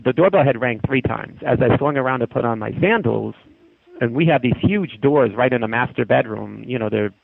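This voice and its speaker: A man with a gravelly, husky voice tells a long story in a casual, rambling way, often restarting mid-sentence. His voice comes through a narrow, tinny phone line. The sound is dry, with no room around it. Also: mid-range voice, no echo. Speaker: guest telling a haunting story.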